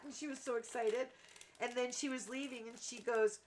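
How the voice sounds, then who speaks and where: A woman's voice: fairly high pitch, steady tone, a little fast, fairly bright tone, slight background noise. A woman hosting a card-making livestream, chatting casually and rambling, with self-deprecating asides as she demonstrates. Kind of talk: casual craft demo chat.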